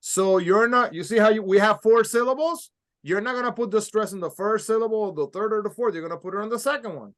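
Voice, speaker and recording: Man, high voice, patient step-by-step pronunciation lesson. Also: fast, a bit bright. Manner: patient, explains step by step, models sounds. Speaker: Spanish teacher. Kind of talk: recorded language lesson.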